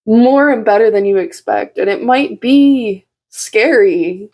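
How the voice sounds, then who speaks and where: A woman in her own room giving a casual, heartfelt channeled message to her viewers as a tarot reader, with lots of fillers and soft giggles. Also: fairly high pitch, animated, takes it slowly, hardly any pauses.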